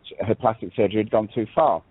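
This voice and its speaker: A man co-hosting a radio talk show, his speech fast and slightly husky. He rambles and restarts, throwing in a "darling" here and there. The audio is tinny and phone-like, with a dry sound. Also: fairly low pitch, dry recording. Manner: rambling, self-correcting, fond of "darling". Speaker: co-host. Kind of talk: casual radio chat.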